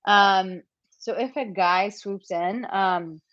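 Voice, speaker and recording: A woman's voice: mid-range voice, takes it slowly, fairly bright tone, dry recording, dull audio. A woman dating coach answering viewer questions in a live Q&A, candid and chatty, acting out example lines.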